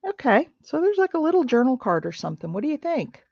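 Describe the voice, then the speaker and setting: A middle-aged woman hosts a crafting livestream, chatting and rambling with plenty of fillers while she works. Her voice has a gravelly edge, sitting in a middle register. The sound is dry and a little dull, like a home setup. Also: high-pitched, very animated, quick pace, darkish tone, no echo. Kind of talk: casual storytelling while crafting.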